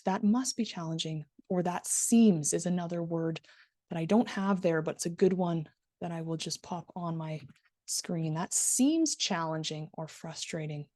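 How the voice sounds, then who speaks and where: A middle-aged woman teaching a live online class, modelling soft empathetic phrases and stressing key words as she speaks to her students. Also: medium pitch, no room sound, studio quality.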